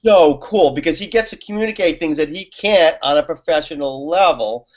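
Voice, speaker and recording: Man, slightly high voice, chatty and laughing, muffled lo-fi audio. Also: brisk. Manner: chatty storyteller, laughs often, many fillers. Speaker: guest on a talk show. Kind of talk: casual conversation.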